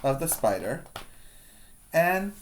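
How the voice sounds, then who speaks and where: A man's voice: on the high side, very animated, takes it slowly, a little hiss or hum. A male preschool teacher reading a picture book aloud to young children, patiently pointing out the pictures and asking them questions.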